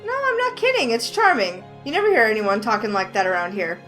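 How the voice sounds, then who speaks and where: A woman's voice: a little high, big pitch swings, brisk, fairly bright tone, soft background music. Woman voicing a bubbly teasing heroine. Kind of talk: reading a visual novel aloud.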